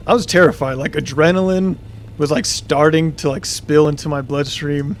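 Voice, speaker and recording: Young dude streaming, kinda high voice, rambly, lots of likes and ums, bit of background noise. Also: male voice, steady tone, moderate pace. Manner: rambling, many fillers and self-interruptions. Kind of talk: casual storytelling while gaming.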